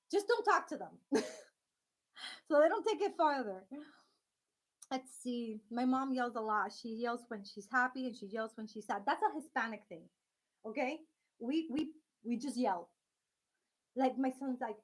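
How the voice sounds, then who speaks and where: A woman hosting a casual live stream from home, chatting directly with her viewers and laughing often. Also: high-pitched.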